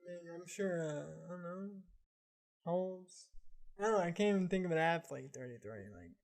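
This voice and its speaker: A man's voice: sits high, normal speed. A man who is a guest filmmaker in a casual chat, hesitant and often trailing off. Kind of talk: casual joking chat among friends.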